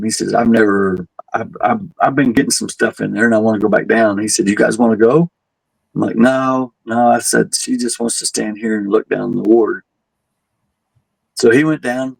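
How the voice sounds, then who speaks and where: A man's voice: lowish voice, fairly even intonation, normal speed, gravelly, slightly rough, no room sound, low-quality recording. A man working as a tour guide, telling a story casually and animatedly, acting out what people said and chuckling at his own jokes. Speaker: haunted asylum tour guide.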